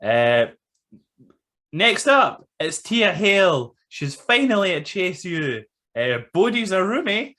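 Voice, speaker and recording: Blunt man, slightly high voice. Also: big pitch swings, slow pace, pushed and bright. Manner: blunt, sweary banter with frequent laughs. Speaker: podcast co-host. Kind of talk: casual chat.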